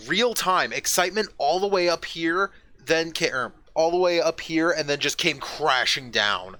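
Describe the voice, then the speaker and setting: A man chatting casually on a live stream, his voice bright and a little sharp at an ordinary middle pitch. He rambles, swears freely and breaks into sudden excited bursts. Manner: rambling, profane, quick to excited outbursts. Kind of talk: casual chat. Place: at home with a roommate nearby.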